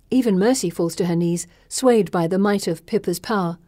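A woman reading first-person scripted narration in a measured, dramatic way. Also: medium pitch, dark tone, dry recording, studio quality. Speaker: audiobook narrator.

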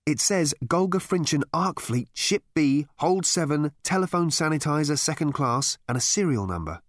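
Man doing a breezy grinning space traveller, bouncy lively pitch, super dry close mic. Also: moderate pace, dry recording. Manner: breezy, gleeful exclamations. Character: excitable, grinning adult male alien traveller.

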